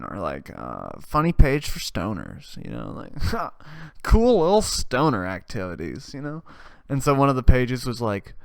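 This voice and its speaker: A young man hosting a podcast, rambling through a comedic monologue, swinging between loud rants and quiet mumbles. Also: mid-range voice, gravelly, dry recording. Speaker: podcast host.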